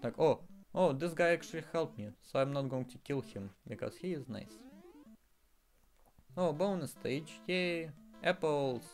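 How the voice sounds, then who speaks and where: Exasperated gamer man, slow drawl. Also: a little high, lively intonation, faint music behind. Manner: exasperated, swearing, frequent exclamations. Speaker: gaming streamer. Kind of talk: casual game commentary.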